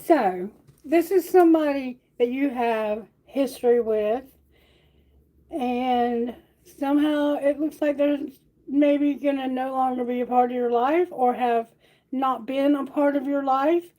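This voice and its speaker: Chatty woman with a mellow voice. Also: sits high, measured pace, poor audio. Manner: chatty, affectionate, sings song lyrics herself. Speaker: tarot reader. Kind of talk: casual livestream tarot reading.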